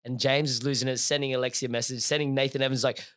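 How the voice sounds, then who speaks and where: A young adult man, a podcast co-host telling a story in casual, slangy chat, animated and laughing as he goes. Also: mid-range voice, fast talker, hardly any pauses, no room sound, clean studio sound.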